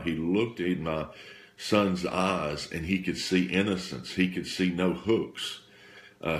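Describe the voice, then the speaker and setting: Man, low voice, earnest testimony storyteller, halting delivery with many restarts, echoey room. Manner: halting, repeats and restarts phrases; earnest, emotional retelling. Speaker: speaker sharing a faith testimony. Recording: roomy echo.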